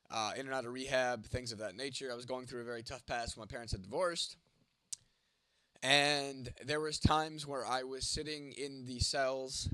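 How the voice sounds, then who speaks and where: Congested and coughing, his voice going, a young man runs a casual livestream and fires back at chat with crude, blunt humor. He speaks at a medium pitch with a fairly bright tone, captured in clean studio sound with no room noise.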